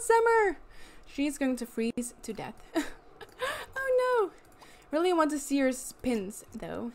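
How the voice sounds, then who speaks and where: A young woman giving casual, giggly commentary on her life-sim game, gushing over cute moments. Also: sits high. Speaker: gaming YouTuber. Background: fan noise.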